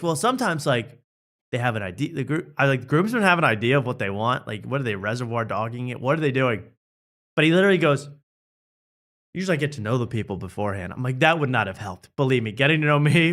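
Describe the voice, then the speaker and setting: A young man hosting a casual talk show spins a self-deprecating anecdote, his voice jumping around as he acts out the people in the story. His pitch sits in the middle range, and his delivery is loose and comic. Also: fast. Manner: animated, self-mocking, acts out quotes. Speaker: host.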